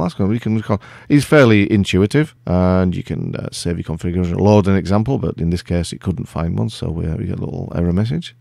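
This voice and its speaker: Low, gravelly middle-aged man hosting a relaxed software walkthrough, self-deprecating and rambling. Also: no echo, clean studio sound. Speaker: tech video host. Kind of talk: casual screen-recorded software walkthrough.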